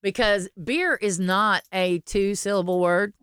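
A woman's voice: medium pitch, a little slow, fairly bright tone, clean tone, dry recording. A woman, co-hosting a podcast in casual, rambling chat, laughing often and restarting her sentences. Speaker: podcast co-host.

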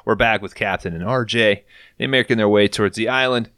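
A man's voice: fairly low pitch, fairly quick, fairly bright tone, smooth, no echo, clean studio sound. A man hosting a podcast, casually recapping a TV episode and swearing freely while acting out lines. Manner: profane, joking, acts out quotes. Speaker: podcast host.

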